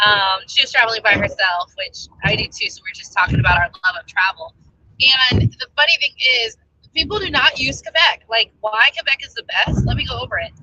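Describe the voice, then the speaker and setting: A woman's voice: on the high side, bright, forceful tone, a little hiss or hum, poor audio. An American woman talking casually as a travel vlogger, rambling and chatty with many fillers. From United States. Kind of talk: casual chat.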